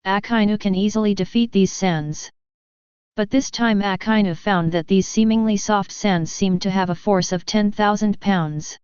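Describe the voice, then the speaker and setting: A woman narrating a fan fiction audiobook in a steady, even reading. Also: medium pitch, clear, resonant tone, no room sound. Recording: dull lo-fi audio.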